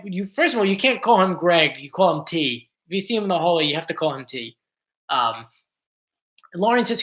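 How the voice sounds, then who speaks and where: A YouTube show host from South Jersey, USA, runs a casual livestream, reading viewer comments and answering in a chatty, rambling way full of "likes" and "ums." His voice sits high and sounds bright and forceful.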